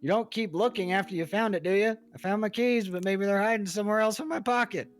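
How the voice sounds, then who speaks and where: A male AI chatbot rattles off edgy stand-up bits with punchy setups and an upbeat lift, as a man reads its replies aloud. The voice sits a little high, with music faint behind it. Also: fast talker, lightly acted. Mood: joking.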